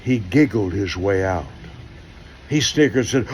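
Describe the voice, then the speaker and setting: An older pastor with a low voice tells stories in sermon style. He acts out the dialogue with animation and swings between loud bursts and hushed asides. A faint hum sits under the recording. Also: lively intonation, normal speed.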